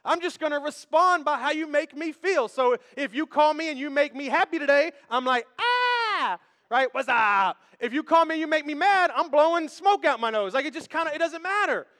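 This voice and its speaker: A man's voice: extremely high pitch, a little fast, few pauses, a bit bright. A male pastor preaching a sermon on a church stage, in a playful, conversational way, joking with the congregation. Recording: echoey hall with long reverb.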